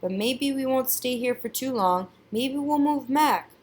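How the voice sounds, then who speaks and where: A woman's voice: high voice, measured pace, voice pushed up. A woman voicing a homesick, restless young boy, eager and pleading in a storybook read-aloud. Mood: excited.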